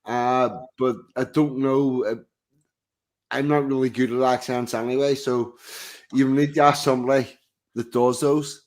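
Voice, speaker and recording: A man's voice: medium pitch, little pitch movement, measured pace. A man with a Belfast accent chatting bluntly on a live stream, swearing freely with dry humor. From Northern Ireland. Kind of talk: casual live-stream chat.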